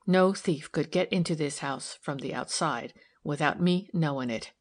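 A woman's voice: low-pitched, normal speed. A woman reading a proud, resentful old housemaid. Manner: plain servant's dialect, blunt. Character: stout loyal older housemaid, proud, resentful. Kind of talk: audiobook character reading.

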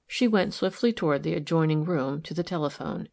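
A woman narrating a novel as an audiobook in a measured, even way. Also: deep voice, vocal fry. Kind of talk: scripted narration.

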